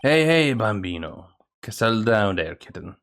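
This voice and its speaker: A man voicing a cool, smooth-talking male veteran lawyer who teases in a slow drawl. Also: on the low side, very animated, fairly bright tone, soft background music, heavily acted. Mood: teasing. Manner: laid-back, teasing, slow drawl.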